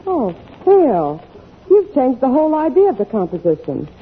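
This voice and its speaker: Patient sitcom wife, gently scolding, lively up-and-down voice, tinny old radio sound. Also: female voice, high-pitched, moderate pace, slightly rough, heavily acted. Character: patient, exasperated wife and mother, young adult. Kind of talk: 1940s radio sitcom acting. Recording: scratchy lo-fi old radio broadcast.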